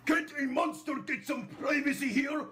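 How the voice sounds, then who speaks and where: A man's voice: very high voice, steady tone, normal speed, pushed and bright, pitched above the performer's own voice. A man voicing a grumpy, cookie-hungry male puppet monster with an odd foreign-sounding accent in a homemade plush video. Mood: grumbly, demanding.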